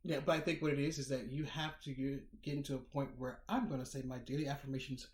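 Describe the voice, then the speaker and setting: A man's voice: medium pitch, fairly even intonation, fast. A man in easy podcast conversation, weighing each point and often repeating a word before he goes on. His voice carries the ring of a roomy, echoing space around him. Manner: reflective, repeats words while thinking. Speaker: podcast co-host. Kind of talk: casual chat. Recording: roomy echo.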